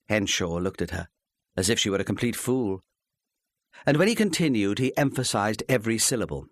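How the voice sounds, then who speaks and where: A man narrating an audiobook in a measured, expressive storytelling manner on a close studio mic. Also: on the low side, dry recording.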